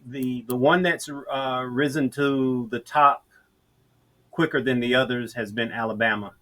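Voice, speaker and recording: Interview guest: middle-aged southern man, bright tone, laid-back storytelling pace. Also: medium pitch, fairly even intonation. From Georgia, US. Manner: unhurried storyteller with frequent restarts. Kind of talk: casual interview chat.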